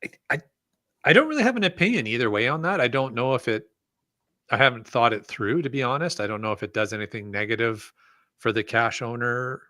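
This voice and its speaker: Bright-toned, rambling podcast co-host man. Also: medium pitch, lively intonation, fairly quick, no echo. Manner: rambling, chuckles mid-sentence, restarts. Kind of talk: casual podcast chat.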